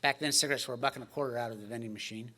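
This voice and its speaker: A man's voice: mid-range voice, rapid-fire. A man speaking at a recovery meeting, telling his story with jokes and acted-out dialogue. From United States. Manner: animated, joking storyteller acting out dialogue.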